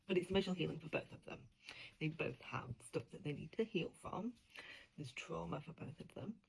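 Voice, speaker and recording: A woman's voice: sits low, normal speed, creaky, breathy edge, rough recording. A woman book editor in a casual vlog who talks animatedly, swears freely and often drops into whispers. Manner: animated, profane, slips into whispers.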